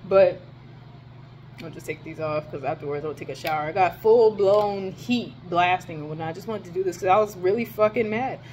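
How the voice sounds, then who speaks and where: A young woman telling a rant in a casual vlog from her dorm, animated and profane, her voice jumping high when she exclaims. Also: a little fast, a little hiss or hum. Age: young adult. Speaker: vlogger.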